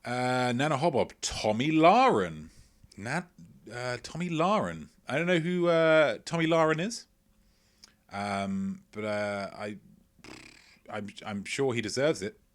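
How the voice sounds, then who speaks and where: A man's voice: mid-range voice, animated, slow pace. A man hosting a live-streamed quiz from home, reading out chat messages with playful, rambling asides. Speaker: quiz host. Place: at home, indoors.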